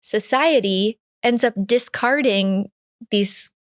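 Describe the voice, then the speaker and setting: She's in her thirties, with a fairly high voice and a slow pace, appearing as an interview guest. Her talk is open and thoughtful, coming out in drafts with repeated restarts.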